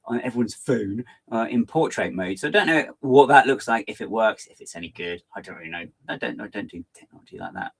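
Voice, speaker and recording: A man hosting a live stream, chatting in a fast, hyper, rambling way while he reads out viewer comments. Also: lowish voice, lively intonation, vocal fry, slightly rough.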